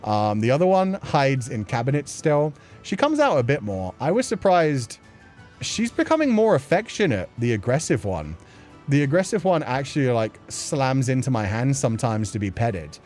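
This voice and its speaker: A man's voice: medium pitch, sing-song, moderate pace, a little mellow, soft background music. A man hosting a casual livestream chat show, rambling with lots of filler words and laughing often as he reads viewer messages.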